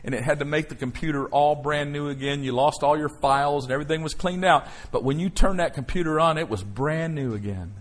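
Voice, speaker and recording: A man preaching a sermon as pastor, emotional and emphatic, swelling from quiet to loud declarations. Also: fairly high pitch, brisk, hardly any pauses.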